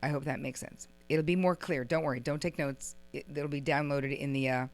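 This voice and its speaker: Low-voiced woman teaching a workshop. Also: a little fast. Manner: lively, acts out little quoted exchanges; chatty, uses "like" and "right?" often. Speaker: relationship teacher. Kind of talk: workshop lecture to a live audience.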